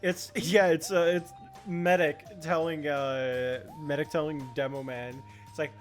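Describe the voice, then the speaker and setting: A man playing a tabletop roleplay, telling stories in a lively, swearing way. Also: fairly high pitch, unhurried, few pauses, soft background music. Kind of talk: casual chat.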